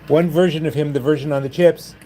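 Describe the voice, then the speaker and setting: A man's voice: fairly high pitch, fairly even intonation, fast, warm tone, a little hiss or hum. A man hosting a livestream from a gaming club, chatting casually and joking with viewers. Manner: wry, joking with chat. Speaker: livestream host.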